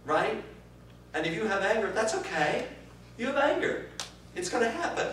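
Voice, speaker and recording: A man teaching improv, answering interview questions in an animated way, swearing and swinging from quiet musing to loud bursts. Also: high-pitched, normal speed. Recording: distant roomy recording with faint noise.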